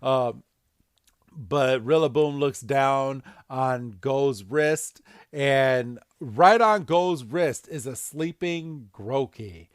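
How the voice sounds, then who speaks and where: A man's voice: medium pitch, drawn-out words, smooth, dry recording, studio quality. A man hosting a podcast, recapping a cartoon episode casually and acting out scenes. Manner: animated, acts out scenes. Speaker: podcast host.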